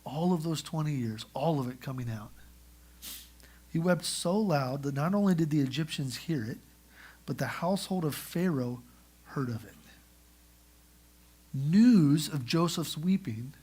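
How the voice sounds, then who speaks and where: A man preaching a sermon in church, telling the story in a lively way and acting out the characters. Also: fairly high pitch, normal speed. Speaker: pastor. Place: church sanctuary.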